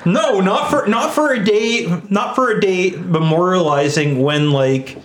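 A man co-hosting a comedy podcast, joking slowly and giggling often. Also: high-pitched. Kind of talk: casual comedy podcast chat. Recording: echoey room with faint noise.

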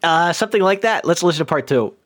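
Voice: medium pitch, lively intonation, fast talker. A podcast host in casual chat, rambling with lots of hesitations and frequent giggles.

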